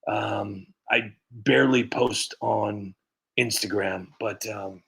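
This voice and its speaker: A man's voice: lowish voice, fairly even intonation, slow pace, creaky, a bit bright, husky. A man hosting a casual livestream, rambling and chuckling often while thanking viewers, talking close to a computer mic. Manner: rambling, chuckling, self-mocking. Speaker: livestream host and impressionist.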